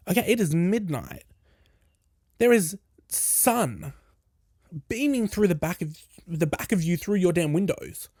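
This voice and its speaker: On his podcast, a young man spins a casual, sweary storytime, candidly and animatedly voicing both sides of the conversation he recounts. He speaks a little slowly with long pauses, his voice sitting high. The recording is dry and studio quality.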